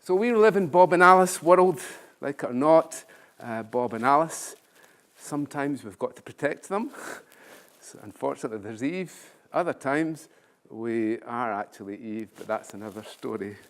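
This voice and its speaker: A man's voice: mid-range voice, animated, normal speed. An older man, a professor giving a conference talk with self-deprecating humorous storytelling. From Scotland. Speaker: keynote speaker, professor.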